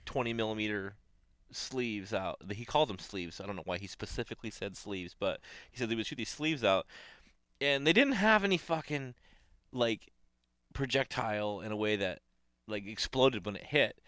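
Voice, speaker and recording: Bright, excitable storytelling man. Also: lowish voice, normal speed, clean tone, dry recording. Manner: animated storyteller, swears often, laughs a lot. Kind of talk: casual profane chat.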